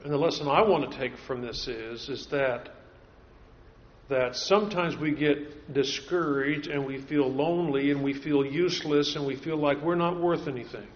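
An earnest male preacher delivering a sermon, driving points home by repeating key phrases. His voice sits a little high for a man. The recording is dull and lo-fi. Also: normal speed, slight background noise. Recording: dull lo-fi sound.

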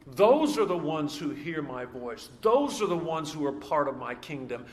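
A man's voice: fairly high pitch, big pitch swings. Emphatic male preacher in echoey hall. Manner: emphatic, repeats key phrases, slows down for stress. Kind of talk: sermon. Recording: echoey hall, faint background noise.

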